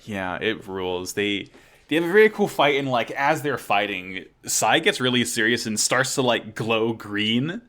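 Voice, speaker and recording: A man's voice: mid-range voice, moderate pace. A man co-hosting a podcast, recapping an anime with enthusiasm and frequent laughter. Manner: enthusiastic, animated, laughs often. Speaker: podcast co-host. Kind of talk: casual chat recapping an anime.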